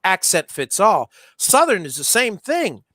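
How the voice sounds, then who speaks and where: A man's voice: high-pitched, wildly swooping pitch, a little slow, bright, forceful tone, dry recording, clean studio sound. A man hosting a casual livestream, chatting while he solders, with many restarts and fillers. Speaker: livestream host.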